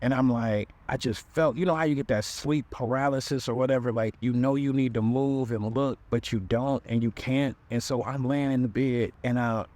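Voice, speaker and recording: A male podcast host tells a comic dating story in an animated, conversational way, acting out the voices of the people he quotes. His voice is mid-range, at a moderate pace with few pauses.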